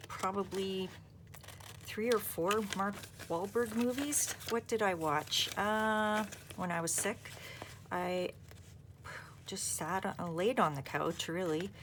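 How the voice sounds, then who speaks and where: A woman's voice: medium pitch, a bit bright, slight background noise. A woman hosting a craft video, chatting in a rambling way and thinking aloud as she works. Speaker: craft channel host. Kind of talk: casual chat while crafting.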